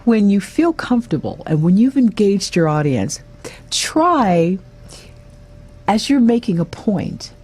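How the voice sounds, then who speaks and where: A woman's voice: medium pitch, big pitch swings, normal speed, few pauses, warm tone, husky. A middle-aged woman giving a motivational coaching talk, emphatic and fond of repeating key words in threes. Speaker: presentation coach.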